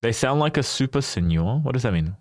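A man's voice: medium pitch, lively intonation, brisk, no room sound, studio quality. A man chatting casually with his viewers as a livestreamer, playful and teasing, often laughing.

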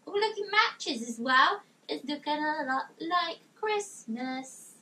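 A young woman with a high, bright voice gushes through an unboxing vlog, exclaiming with delight. She is set back a bit from the mic in her bedroom. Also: animated, takes it slowly, far from the mic, a little hiss or hum. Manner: gushing, exclamatory, reads notes aloud. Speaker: vlogger.

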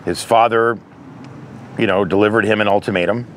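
Casting note: low-voiced man, candid and conversational, telling stories from his work, with faint noise in the background. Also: steady tone, brisk, a bit bright. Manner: candid, conversational, storytelling with anecdotes. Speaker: interventionist. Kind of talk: advice monologue.

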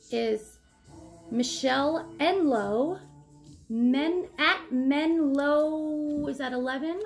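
Bubbly woman vlogger, higher voice. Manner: bubbly and excitable, chatty asides. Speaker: vlogger hosting a giveaway. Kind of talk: casual vlog chat.

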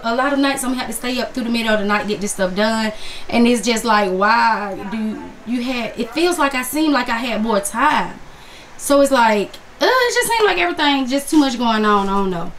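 A woman's voice: on the high side, slight background noise. A woman talking casually to viewers about her craft haul, calling them honey and y'all. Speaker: crafts vlogger. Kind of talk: casual chat to camera.

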